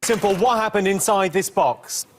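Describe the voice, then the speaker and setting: A man hosting a comic quiz show, delivering deadpan one-liners. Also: high voice, normal speed, slight background noise.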